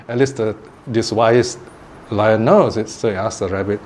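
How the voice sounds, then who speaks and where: A man giving a dharma talk, telling a parable in a lively, animated way and often laughing. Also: lowish voice, a little slow, a little hiss or hum. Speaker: Buddhist teacher.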